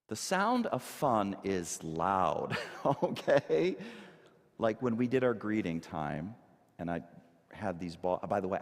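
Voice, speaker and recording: A male minister preaching a sermon to a congregation, emphatic and animated, asking rhetorical questions. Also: fairly low pitch. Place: church sanctuary. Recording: long hall reverb.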